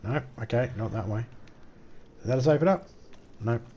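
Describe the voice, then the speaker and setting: An Australian man commentating a live game stream in a crude, joking way, trash-talking enemies, his voice still rough after losing it recently. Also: medium pitch, normal speed, dark tone, slight background noise.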